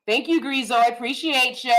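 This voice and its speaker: A woman in her thirties hosting a casual commentary stream, animated and emphatic, rambling with asides and reacting to chat. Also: on the high side, normal speed, slight background noise, low-quality recording. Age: 30s. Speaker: commentary channel host.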